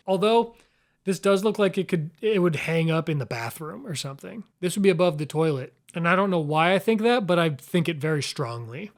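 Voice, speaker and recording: A man hosting his own video, giving casual, playful commentary as he ranks flags, with frequent exclamations and chuckles. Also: high-pitched. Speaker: YouTube host.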